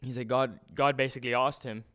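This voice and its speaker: A man's voice: medium pitch, a little fast. Guy giving a laid-back sermon, chatty, lots of um and restarts. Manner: relaxed, informal, with frequent restarts and fillers. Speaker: preacher. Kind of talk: conversational sermon.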